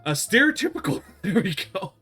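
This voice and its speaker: A man's voice: sits high, very animated, brisk, sharp tone, slightly rough, faint music behind. A man hosting a casual chat show, laughing often and talking with lots of hesitant fillers. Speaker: host.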